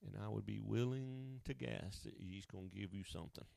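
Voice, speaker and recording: A man preaching a sermon, swinging between loud emphatic lines and hushed asides. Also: on the low side, moderate pace, creaky, hardly any pauses, no room sound.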